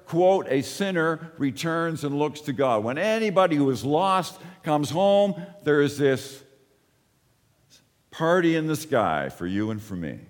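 Animated male preacher in a reverberant hall. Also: a little slow. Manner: animated preaching, dropping low and soft for emphasis. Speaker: pastor. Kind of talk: sermon.

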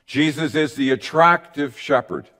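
A man's voice: fairly high pitch, measured pace, pushed and bright. A man preaching a conversational teaching sermon to his congregation, often checking in with the listeners with little tag questions. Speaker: pastor.

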